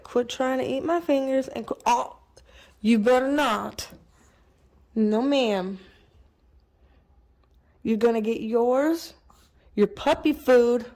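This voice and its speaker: A woman's voice: on the high side, slow, pauses often, darkish tone. A woman, a tarot reader chatting casually to her viewers in a loose, repetitive way. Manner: chatty, loose and repetitive, talks baby-talk to a puppy. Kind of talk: casual vlog chat.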